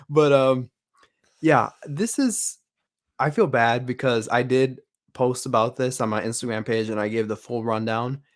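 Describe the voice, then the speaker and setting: A man's voice: mid-range voice, unhurried. A man co-hosting a fan podcast in casual chat, rambling with frequent restarts and fillers. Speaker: podcast co-host.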